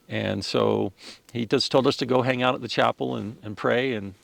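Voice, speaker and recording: Male guest, gravelly voice, heartfelt storytelling with restarts. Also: medium pitch, steady tone, normal speed. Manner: earnest, emotional, with frequent restarts. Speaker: podcast guest. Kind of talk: personal storytelling.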